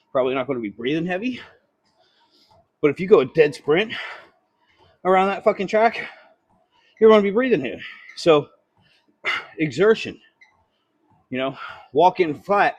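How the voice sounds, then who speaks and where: A man walking an incline treadmill after a hard gym session talks loosely into a phone held near his face, short of breath the whole time. His voice is husky and the sound is dry and close. He rambles, swears freely and pokes fun at himself. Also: mid-range voice, no room sound. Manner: rambling, profane, self-deprecating. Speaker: fitness vlogger. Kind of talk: casual vlog chat.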